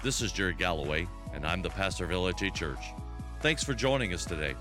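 Lower-voiced male pastor over music. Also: lively intonation, fast talker. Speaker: pastor and podcast host. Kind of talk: scripted podcast intro.

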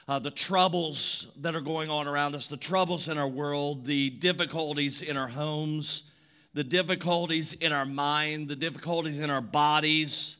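A man preaching a sermon, moving from quiet, reflective phrases to loud, repeated, emphatic declarations. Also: fairly high pitch, steady tone, normal speed. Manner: repetitive, rhythmic emphasis. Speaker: pastor.

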